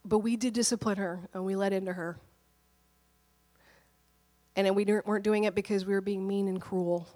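A woman pastor in her thirties, slightly hoarse from a cold, telling a personal story in an animated, candid sermon. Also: mid-range voice, normal speed, long pauses, big-room sound.

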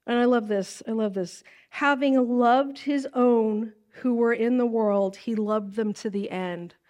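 A woman's voice: a little slow, highs cut off. A woman pastor teaching a sermon from scripture in a casual way, acting out lines in a livelier voice. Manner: casual, animated, acts out lines in a high voice.

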